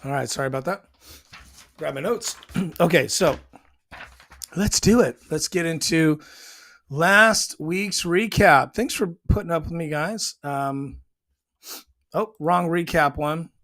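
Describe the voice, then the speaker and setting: A man's voice: fairly high pitch, slow pace, long pauses, fairly bright tone. A man hosting his own show, reviewing a TV episode in a rambling casual way with many ums and restarts. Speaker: show host.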